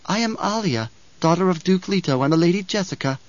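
A man voicing a cold, self-assured young girl who speaks in a cool, quiet, precise way. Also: high-pitched, lively intonation, a little fast, no room sound, pitched above the performer's own voice. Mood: defiant. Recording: dry, slightly dull audiobook recording.

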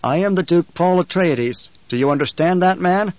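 A man voicing a grave young duke who speaks in a formal, measured, commanding way, in a dull, dry recording. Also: sits high, dry recording, pitched above the performer's own voice, lightly acted.

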